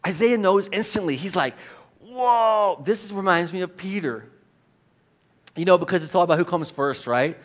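A pastor delivers his sermon with a notably high voice for a man. He preaches emphatically and with animation, often turning to rhetorical questions to engage his listeners. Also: a little fast.

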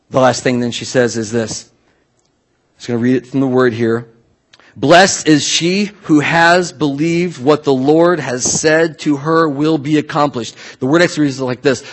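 A man preaching a sermon in a casual, animated way, often restarting his sentences. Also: on the high side. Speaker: pastor.

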